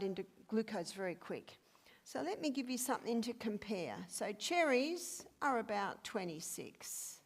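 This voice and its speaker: An older woman giving a health lecture, asking emphatic rhetorical questions. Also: vocal fry. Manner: emphatic, rhetorical questions, lively pitch swings.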